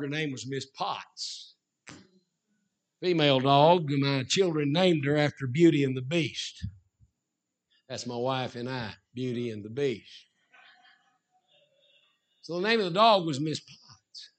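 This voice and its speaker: A middle-aged man preaching a sermon as a Baptist preacher, swinging from shouted emphasis to low asides. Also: a little slow, pauses often.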